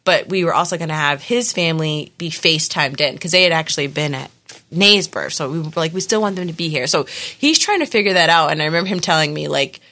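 A young woman telling her birth story in casual chat, animated and full of fillers. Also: deep voice, fast.

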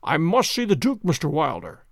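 Sherlock Holmes, cold and deliberate, read by a man. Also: a little high, huge pitch swings, gravelly, no echo, clean studio sound, heavily acted. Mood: cool. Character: cool, inexorable male detective, middle-aged.

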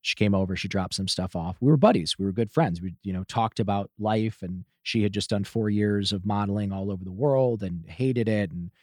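Animated man telling a story, dry sound. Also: on the low side, brisk, hardly any pauses, dry recording. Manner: swears freely, acts out shouted quotes. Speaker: podcast guest.

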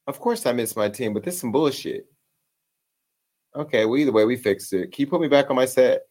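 A man hosting a talk show in casual chat, joking and cursing through rapid banter. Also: mid-range voice, lively intonation, a little mellow.

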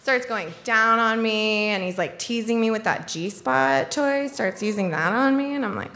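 A woman's voice: on the high side, a little slow, few pauses, a bit bright, a little hiss or hum. A young woman telling a comic personal story to an audience, chatty and full of "like", laughing as she goes. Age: young adult.

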